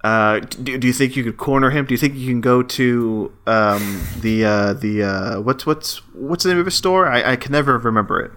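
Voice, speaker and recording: A man's voice: medium pitch, normal speed, few pauses, a bit bright. A man co-hosting a podcast in casual chat, rambling playfully with many restarts. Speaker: podcast co-host.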